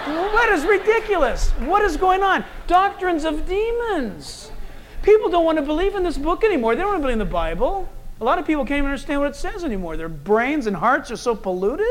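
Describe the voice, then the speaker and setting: A man preaching a sermon, animated and conversational, acting out quoted people and telling stories. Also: extremely high pitch, normal speed. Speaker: pastor.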